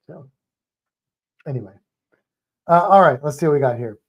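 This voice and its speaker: A man co-hosting a livestream, chatting casually with viewers in a rambling, animated way and often breaking off mid-sentence. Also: mid-range voice, a little fast, pauses often. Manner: rambling, self-interrupting, animated storytelling. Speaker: livestream co-host.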